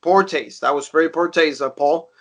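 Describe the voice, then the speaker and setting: A man's voice: on the high side, normal speed, a bit bright. A man co-hosting a casual wrestling review, recapping in a rambling way with many fillers. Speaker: podcast co-host.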